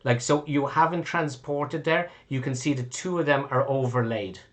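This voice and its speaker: A man's voice: mid-range voice, moderate pace, a bit bright. Man game master, rambling. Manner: rambling, self-correcting, casual swearing. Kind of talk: running a tabletop game online.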